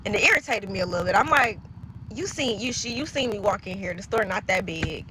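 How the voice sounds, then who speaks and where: A woman's voice: mid-range voice, expressive, fairly quick, pushed and bright, slight background noise. A woman earnestly recounting a personal faith story to her followers. She rambles, trails off and keeps speaking to viewers directly. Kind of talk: casual spoken testimony to followers.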